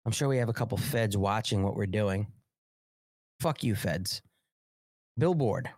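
A man's voice: on the low side, a little fast, a little mellow, slightly rough, no echo. A man hosting a live-streamed political commentary show, ranting and agitated, with heavy profanity, on a close studio mic. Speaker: talk show host.

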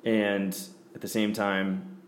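A man co-hosting a casual sports podcast, tossing in quick reactions and telling anecdotes in a conversational way. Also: on the low side, little pitch movement, a little hiss or hum. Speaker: podcast co-host.

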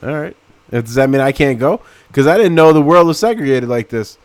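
A man's voice: mid-range voice, expressive, a little fast, dry recording. A man co-hosting a podcast, trading jokes and teasing banter in casual chat. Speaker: podcast co-host.

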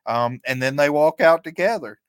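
A man co-hosting a podcast, recapping events play by play in a relaxed, chatty way and chuckling often. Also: on the high side, moderate pace, clean tone, no room sound. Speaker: podcast co-host. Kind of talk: casual recap chat.

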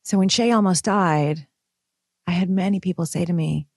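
Candid, animated new mom vlogging. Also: female voice, lowish voice, normal speed, slightly rough, no room sound, studio quality. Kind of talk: personal confessional vlog.

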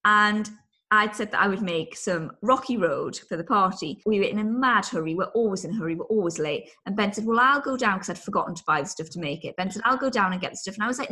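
A woman's voice: medium pitch, fast talker, bright, forceful tone. A woman, co-hosting a casual chat and telling self-mocking stories with giggles. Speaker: podcast co-host.

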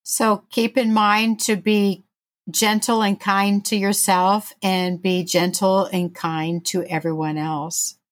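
A woman podcast host with a Texan accent speaking gently and without hurry as she wraps up an interview. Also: medium pitch, little pitch movement, slow. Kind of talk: closing an interview.

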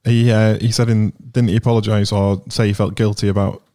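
A man's voice: fairly low pitch, little pitch movement, brisk, warm tone. A man co-hosting a casual football fan podcast, eagerly reading out stats and tweets. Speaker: podcast co-host.

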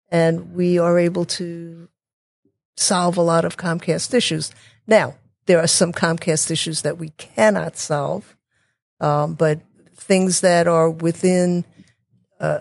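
A woman talking as a guest in a casual interview, chatty and quick to restart her sentences, with sarcastic asides. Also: lowish voice, gravelly, a little mellow, dry recording. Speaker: guest, technology consultant.

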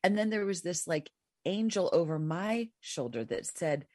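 A woman with a low, husky voice chats as host, telling a story with lively energy and acting out the quotes. The sound is dry and close, with no room around it. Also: unhurried, dry recording. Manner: animated storyteller, acts out quotes. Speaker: show host. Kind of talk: casual chat.

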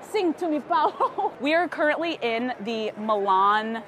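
A woman's voice: on the high side, lively intonation, a little slow, fairly bright tone, a little hiss or hum. A woman podcast host vlogging outdoors on city streets, bubbly, laughing often and swearing freely. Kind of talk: travel vlog, talking to camera.

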